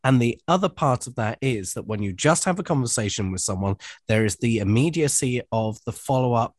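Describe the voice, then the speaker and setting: Guy adding his take, measured and explaining, dry close audio. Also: medium pitch, animated, dry recording. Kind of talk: conversational podcast talk.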